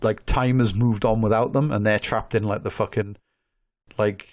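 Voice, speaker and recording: A man's voice: on the low side, fairly even intonation, moderate pace, a little mellow. A man co-hosting a podcast in casual chat, rambling with lots of swearing and filler words. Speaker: podcast co-host.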